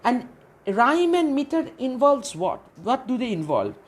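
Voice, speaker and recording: A woman's voice: high voice, big pitch swings, measured pace, breathy edge. A woman giving a literature lecture, who asks questions and answers them herself and often repeats phrases. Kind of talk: classroom lecture.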